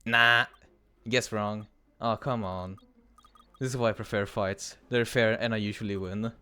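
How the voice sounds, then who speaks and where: A man's voice: lowish voice, fairly even intonation, a little slow, bright, forceful tone, clear, resonant tone. A man voicing a brash rowdy teen who taunts with a coin game. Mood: taunting.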